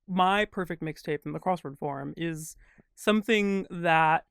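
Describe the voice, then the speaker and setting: Gravelly, smooth-voiced man musing aloud. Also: on the high side, measured pace, fairly bright tone, dry recording, studio quality. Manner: thoughtful, rambling with many fillers. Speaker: guest crossword constructor. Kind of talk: casual interview conversation.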